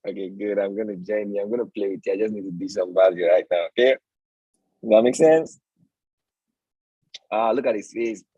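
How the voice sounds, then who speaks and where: A man with a husky, slightly breathy voice teaches a live trading lesson. The sound is dry and close. He talks in a preachy way, keeps checking in with "all right?" and answers his own questions. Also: lowish voice, moderate pace, long pauses, warm tone, no echo, lo-fi sound. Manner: asks the audience rhetorical questions. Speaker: trading educator and stream host. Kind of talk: live-stream market lesson.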